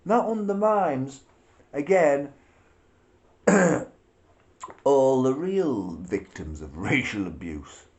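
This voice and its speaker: A man's voice: mid-range voice, big pitch swings, extremely slow, long pauses, darkish tone. A man delivering a profane, sarcastic rant to camera, laughing between his remarks. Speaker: political vlogger. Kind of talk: ranting monologue.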